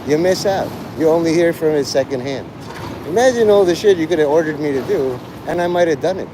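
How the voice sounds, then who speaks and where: A man's voice: on the high side, lively intonation, a little fast, background noise. A man chatting crudely and sardonically on a rambling live stream.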